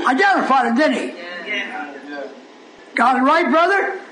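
A man preaches a sermon in an echoey church, his very high voice leaping up and down as he laughs and fires rhetorical questions at the people. A congregation calls back loudly around him. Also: lively intonation, a little slow, long pauses, a crowd in the background. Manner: laughs often while preaching. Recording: echoey room with a responding congregation.

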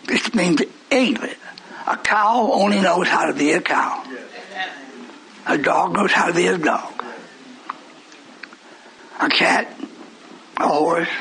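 A man preaching a sermon with fervent conviction, swinging between shouted declarations and hushed asides. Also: high voice, creaky, low-quality recording. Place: church service. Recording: live recording with congregation noise. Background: congregation calling out responses.

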